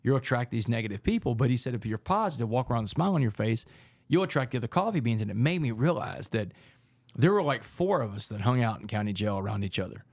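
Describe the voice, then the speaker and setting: A man, a podcast guest, telling his story in an intense, rapid way. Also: medium pitch, animated, a little mellow, no room sound, clean studio sound. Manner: fast, intense storytelling with gravelly voice.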